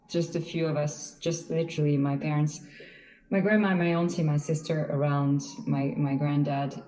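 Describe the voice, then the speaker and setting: A woman from France, sharing personal stories in a panel chat in an earnest, halting way. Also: low-pitched, warm tone. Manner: earnest, halting, many restarts and fillers. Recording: roomy echo.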